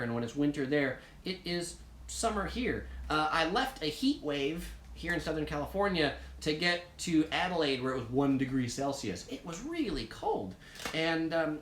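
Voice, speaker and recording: A man's voice: on the high side, fairly bright tone. Chatty American man in an echoey room. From United States. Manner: rambling, full of ums, uhs and likes. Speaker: host answering viewer comments. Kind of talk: casual live chat.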